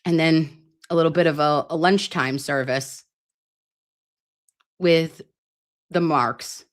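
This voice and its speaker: Low-voiced chatty woman streamer. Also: slow pace. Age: 30s. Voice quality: self-described grating voice. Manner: chatty, rambling, playful and crude. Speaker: livestream host. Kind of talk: casual livestream chat. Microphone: computer mic on a live stream.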